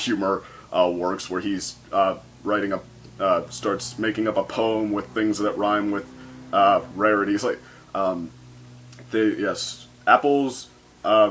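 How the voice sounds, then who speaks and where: A man's voice: on the low side, a bit bright, slight background noise. A man casually reviewing a cartoon episode, rambling and hesitant, often amused.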